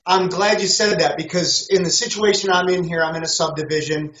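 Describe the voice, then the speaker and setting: Guy hosting a chat, highish voice, relaxed questions, lo-fi sound. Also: a little fast. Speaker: host. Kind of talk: casual interview chat. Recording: dull, roomy audio.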